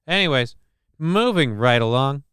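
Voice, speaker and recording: A man's voice: medium pitch, expressive, unhurried, a bit bright, clean tone, no echo, studio quality. A man streaming live, rambling through casual commentary, swearing and thanking viewers in chat. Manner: rambling, crude, reads out chat names.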